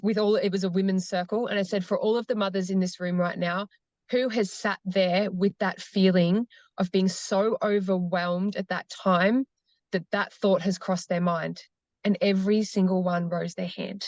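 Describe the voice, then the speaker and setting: Earnest woman, slow and heartfelt. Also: medium pitch, steady tone, darkish tone, no room sound. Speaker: cacao ceremony facilitator. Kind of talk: podcast conversation.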